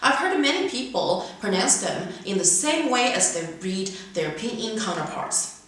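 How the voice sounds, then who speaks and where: A woman teaches English pronunciation, carefully modeling words one at a time and reading examples aloud. Her mid-range voice is sing-song and fairly bright. The room is very echoey and the mic is far away.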